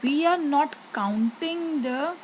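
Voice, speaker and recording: A woman teacher talks through a grammar lesson at a very slow, careful pace. Her voice sits a little high, and she often stops to ask her pupils a question. A faint hiss of noise runs under the recording. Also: darkish tone, low-quality recording. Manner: slow, deliberate, repeats words and asks pupils questions. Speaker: English teacher.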